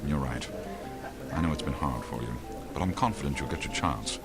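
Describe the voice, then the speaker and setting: A man's voice: extremely low pitch, fairly quick, over loud music. An actor playing an aging male spy and mentor, dry and sardonic. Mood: stern, reassuring. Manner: dry, sardonic, world-weary.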